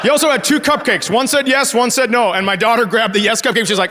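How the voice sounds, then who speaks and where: Quick-paced and pushed, his very high, bright voice stays fairly even in intonation. This forty-something man is on a handheld stage mic doing a stand-up set of sarcastic family stories with acted-out dialogue, recorded live amid audience laughter.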